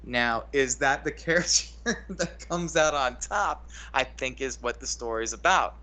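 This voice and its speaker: A man's voice: medium pitch, measured pace, pushed and bright. A man co-hosting a casual film breakdown chat, rambling and restarting his sentences often. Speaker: co-host.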